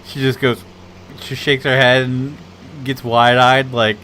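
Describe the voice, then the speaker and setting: A man's voice: mid-range voice, level tone, a little slow, sharp tone, slight background noise. A man hosting a gaming stream, chatting casually with friends, laughing often and swearing while retelling clips. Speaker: gaming channel host. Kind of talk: casual chat while streaming a farming game.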